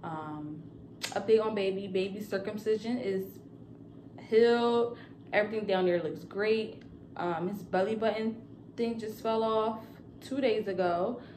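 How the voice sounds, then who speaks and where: A woman's voice: mid-range voice, a little slow, darkish tone, slight background noise. Chatty young woman in a roomy space. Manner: chatty and rambling, with many fillers. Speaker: vlogger and new mother. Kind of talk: casual chat to camera.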